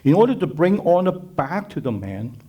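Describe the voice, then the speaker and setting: A man's voice: a little high, sing-song, normal speed, dark tone, breathy edge. A man giving a sermon at a conference, preaching emphatically with repetition and rhetorical questions. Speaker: speaker at a conference.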